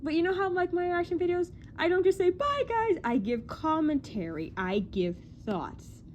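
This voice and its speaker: A young woman chatting casually in a vlog about movie news, excitable and rambling, often self-deprecating and full of "like". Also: high voice, moderate pace, a little hiss or hum.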